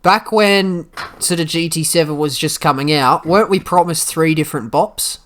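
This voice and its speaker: Male co-host with a slightly higher voice, playful and quick to joke. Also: a bit bright. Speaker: podcast co-host. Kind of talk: casual chat.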